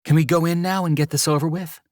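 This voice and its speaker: A man reading a sarcastic, defiant young woman in an audiobook, teasing and deadpan by turns. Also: medium pitch, measured pace, no echo, clean studio sound, voice pushed up.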